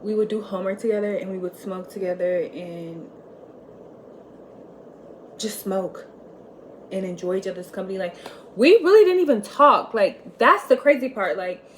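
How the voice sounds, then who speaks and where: Young woman, vlogger, mid pitch, casual and confiding, fillers everywhere, faint noise under her voice. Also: lively intonation, moderate pace, pauses often. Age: young adult. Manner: candid and chatty, many "like" fillers, swings between loud and quiet. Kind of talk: casual storytelling monologue.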